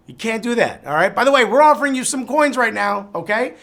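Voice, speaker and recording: A man's voice: high voice, very fast, few pauses, a bit bright. A Cuban American man hosting a live trivia game show, reading questions and cracking chatty jokes between them.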